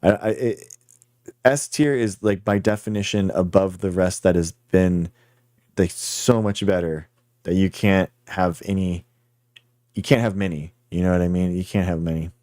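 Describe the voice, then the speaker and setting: A man's voice: low voice, steady tone, moderate pace, darkish tone, dry recording, clean studio sound. A man hosting a livestream, chatting casually and rambling as he talks straight to his viewers. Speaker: livestream host.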